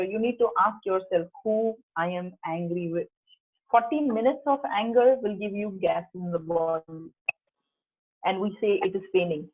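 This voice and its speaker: A middle-aged woman, leading a coaching workshop in an earnest, instructive way and repeating key phrases. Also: mid-range voice. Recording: tinny phone-like online call audio.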